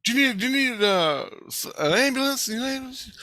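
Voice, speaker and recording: A man voicing a worried middle-aged woman who anxiously repeats questions in a high voice. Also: expressive, quick pace, bright, forceful tone, dry recording, studio quality, heavily acted.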